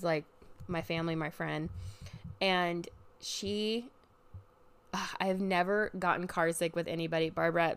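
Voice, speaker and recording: A young woman ranting casually as a podcast host, swearing freely and bursting into loud outbursts. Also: fairly low pitch, clear, resonant tone. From Oregon, US. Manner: animated, profane venting with sudden loud outbursts.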